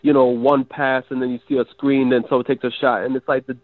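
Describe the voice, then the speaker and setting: A man's voice: mid-range voice, level tone, fast, dry recording. A man with a sick, stuffy, nasal voice, calling in as a regular co-host and venting in casual sports talk with many restarts. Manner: frustrated, rambling analysis with many restarts. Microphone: phone. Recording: dry tinny phone line.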